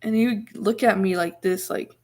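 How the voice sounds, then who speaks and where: A woman's voice: medium pitch, normal speed. A young woman vlogger casually telling viewers a personal story, chatty and full of restarts and laughter.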